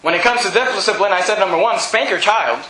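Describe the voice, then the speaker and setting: A man preaching a sermon as pastor, emphatic and often shouting, with chuckles between points. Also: high voice, fairly quick, noisy background. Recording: roomy echo.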